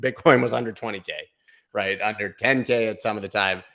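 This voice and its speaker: A man hosting a casual livestream giveaway, chatty and playful, now and then slipping into a booming sports-announcer voice. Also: brisk, vocal fry, pushed and bright. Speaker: livestream host.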